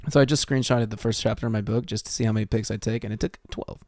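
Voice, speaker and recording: A man's voice: lowish voice, fairly even intonation, fast talker, a little mellow, no room sound, studio quality. An American man reading a fan fiction story aloud on a stream, swearing freely and stumbling over words as he reads. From United States.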